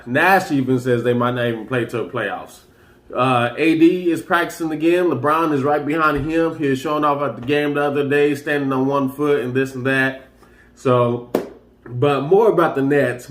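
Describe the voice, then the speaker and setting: A man hosts a casual sports talk show in a medium-pitched voice at normal speed, rambling loosely and getting hyped as he goes through the news. The room is echoey.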